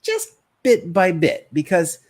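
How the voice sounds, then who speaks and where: A man coaching on sales in a casual live-streamed talk, energetic and conversational, acting out short bits of customer talk. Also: high-pitched, slow pace. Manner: energetic, conversational, acts out prospects' voices.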